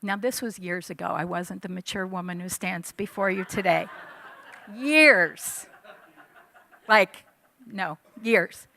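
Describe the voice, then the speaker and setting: Bright, gravelly woman preaching. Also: medium pitch, takes it slowly, long pauses. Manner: animated storytelling, acting out her own past lines. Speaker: church speaker. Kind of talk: sermon with personal story. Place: church hall.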